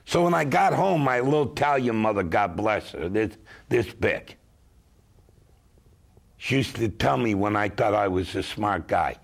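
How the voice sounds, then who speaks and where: A middle-aged man with a fairly low, fry-tinged voice works as a consumer advocate. On a talk show he tells emphatic stories, speaking slowly and with the energy of a lively storyteller.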